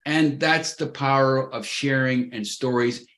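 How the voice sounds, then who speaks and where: A man's voice: mid-range voice, fairly even intonation, measured pace, a bit bright. Man, 50s, co-host, eager folksy chatter on a video call. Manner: enthusiastic, folksy, keeps saying "man" and "folks". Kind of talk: casual chat.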